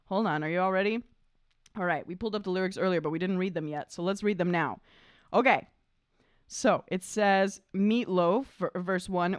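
A woman's voice: on the low side, moderate pace, clear, resonant tone, no room sound, studio quality. A woman who is an opera singer and vocal coach, gushing in a live reaction chat, leaning on "like" and "I mean.". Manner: gushing, effusive, heavy use of "like" and "I mean".

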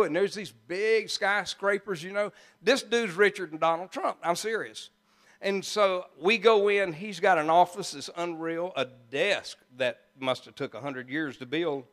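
Man, pastor, storytelling sermon, high voice, folksy, animated, joking asides.

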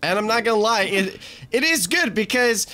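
A man's voice: high voice, expressive, moderate pace. Frustrated gamer guy swearing at the game. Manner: frustrated, swearing, talking to himself and shouting at the game. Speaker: let's play host. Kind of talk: gaming commentary.

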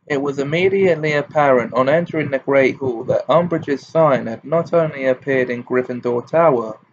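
A man narrating a fantasy audiobook in a steady reading voice. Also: medium pitch, muffled recording, a little hiss or hum. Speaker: amateur audiobook reader.

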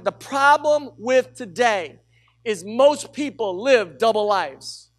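A middle-aged man preaching a sermon as pastor, telling a personal story with lively energy and urging the congregation to call out. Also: high-pitched, measured pace. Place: church sanctuary with a congregation.

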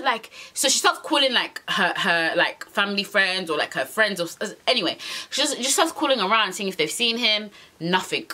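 A young woman telling a storytime to camera in an animated, exasperated way, repeating her phrases and using slang. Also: mid-range voice, normal speed. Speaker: vlogger. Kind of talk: storytime monologue.

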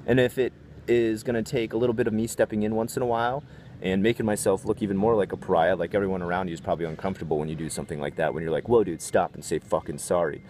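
Low-voiced man ranting in a vlog. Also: rapid-fire, slight background noise. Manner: profane, rambling, animated retelling. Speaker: vlogger. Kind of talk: casual storytelling rant.

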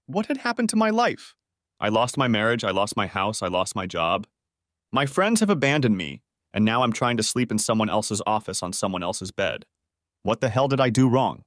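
A man's voice: fairly low pitch, very animated, moderate pace, fairly bright tone, dry recording, studio quality. A man narrating an audiobook, voicing a dejected, sarcastic man down on his luck in a gloomy, muttering voice. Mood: despairing.

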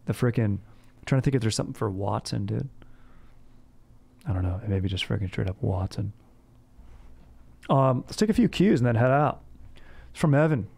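A man's voice: medium pitch, expressive, normal speed, gravelly, pauses often, darkish tone, slightly rough. A young man hosting a comedy podcast, chatting casually in bro slang and saying "dude" all the time. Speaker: podcast host.

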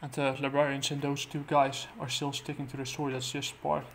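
A man casually recapping a comic book plot, halting and full of fillers and restarts. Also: medium pitch, flat delivery, creaky, a little hiss or hum.

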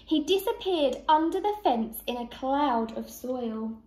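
A woman teacher reading a picture book aloud to young children, slow and expressive. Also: high voice, echoey room.

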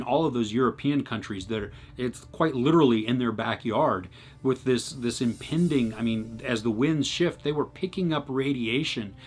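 A man's voice: medium pitch, breathy edge. A man hosting his own review channel, talking through a series in a conversational, earnest way with frequent restarts. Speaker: movie reviewer and channel host. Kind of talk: casual solo video review.

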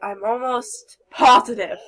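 A woman's voice: fairly high pitch, unhurried, fairly bright tone. A young woman giving casual let's play commentary, chatty and giggly, talking to her game characters. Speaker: gameplay commentator.

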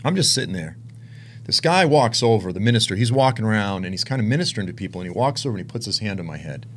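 A man preaching, telling a personal story with emotion, dropping to hushed tones and rising to intense ones. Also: lowish voice, animated, fast, slight background noise. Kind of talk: sermon testimony.

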